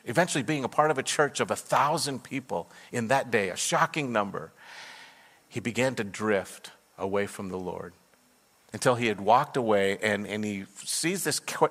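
A man's voice: medium pitch, fairly bright tone. A man preaching as a pastor, telling a story earnestly and then leading a fervent prayer in a church. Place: church sanctuary. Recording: long hall reverb.

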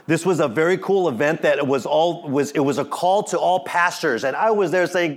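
Middle-aged male pastor, lively sermon delivery, fairly high voice, playful asides. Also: normal speed, hardly any pauses. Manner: animated, acts out quotes, jokes with congregation.

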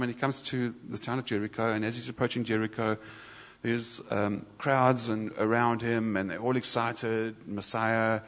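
A man sharing a personal sermon testimony in a church, conversational and halting, with many restarts. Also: mid-range voice, a bit bright. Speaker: church speaker. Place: church hall. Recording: reverberant church hall.

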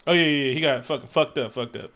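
Podcast co-host, male, slightly high voice, brash and profane, animated storyteller. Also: fast talker. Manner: loud, profane, joking, animated retelling. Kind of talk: casual chat recapping a movie.

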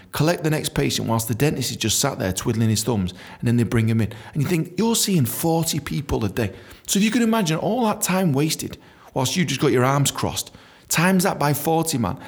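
Gravelly man telling a story. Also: medium pitch. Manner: animated, swears a lot, says "man" often. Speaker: podcast storyteller. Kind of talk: casual storytelling.

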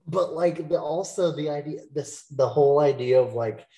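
A man co-hosting a podcast in casual chat, sarcastic and laughing, with sudden jumps up in pitch. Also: moderate pace, dark tone. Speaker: podcast co-host.

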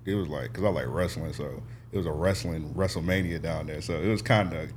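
Deep-voiced laid-back male host. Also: fairly quick, slight background noise. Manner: laid-back, slangy, short agreeing replies. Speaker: podcast host. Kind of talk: casual chat.

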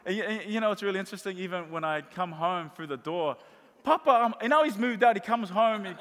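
A middle-aged man preaches a sermon with warm storytelling, stressing points through emphatic repetition. His voice sits high and his pace is quick, with the long reverb of a large hall around him.

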